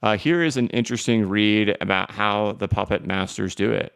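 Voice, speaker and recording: A man's voice: on the low side, steady tone, fairly quick, creaky, smooth. A man in his thirties hosting a casual live stream, chatty and joking as he reads viewer comments and walks through charts. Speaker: crypto livestream host.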